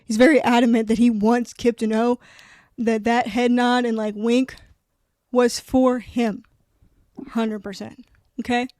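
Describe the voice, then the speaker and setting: A young woman chatting casually about a book, rambling, animated and swearing freely. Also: a little high, a little slow, long pauses, no echo. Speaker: book reviewer. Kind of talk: casual chat.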